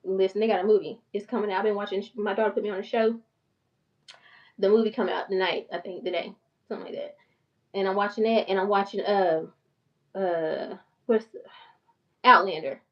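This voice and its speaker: A middle-aged financial coach talks casually to camera, chatty and candid, laughing often. Her mid-range voice is fairly even, a little fast, with long pauses, and the sound is dull, lo-fi and distant.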